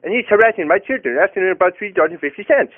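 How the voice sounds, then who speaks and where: A man's voice: sits high, lively intonation, very fast. A man telling a rambling comic story on a prank phone call, hesitant and full of fillers and restarts. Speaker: prank caller. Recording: tinny phone line.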